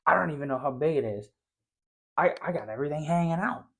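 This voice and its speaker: A middle-aged man hosting a fishing show, telling a story casually and growing loud and high-pitched when he gets excited. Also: fast, slightly rough.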